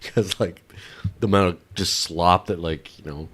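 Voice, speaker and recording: A man's voice: deep voice, measured pace, fairly bright tone, husky. A man co-hosting a podcast in casual chat, blunt and irreverent with mild exasperation. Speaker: podcast co-host.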